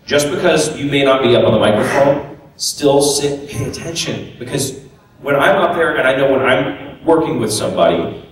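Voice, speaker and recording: A man's voice: medium pitch, animated, moderate pace. A man, a voice actor and workshop teacher, explaining things casually on a convention panel. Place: large convention room. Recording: echoey hall recording from far off.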